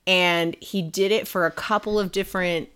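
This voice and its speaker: A woman's voice: fairly low pitch, steady tone, moderate pace, fairly bright tone, clear, resonant tone. A young adult woman co-hosting a podcast, telling rambling stories and giggling in casual chat. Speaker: podcast co-host.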